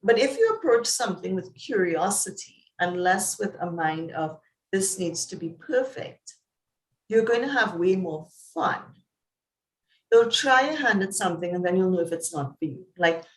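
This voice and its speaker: A Trinidadian woman, a psychologist, talks in an interview as an animated storyteller, laughing and jumping up and down in pitch. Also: moderate pace, roomy sound, low-quality recording. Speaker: psychologist guest. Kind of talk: conversational interview.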